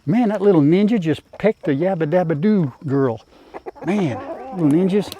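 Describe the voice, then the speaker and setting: A man's voice: high-pitched, expressive, normal speed, warm tone. An older man with a drawl, chatting casually to his chickens and his viewers on his farm. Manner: folksy rural drawl, talks to his animals. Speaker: farm vlogger. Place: outdoors in a chicken coop.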